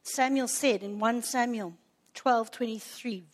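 A middle-aged woman preaching a sermon, emotional and swinging between hushed, slow passages and urgent appeals. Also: high-pitched, lively intonation.

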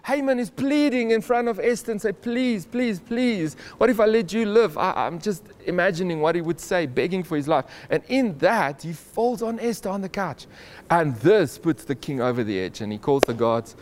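A man retells a Bible story in an informal, animated way, chuckling now and then and often restarting his sentences. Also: high voice, moderate pace, hardly any pauses. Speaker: Bible teacher.

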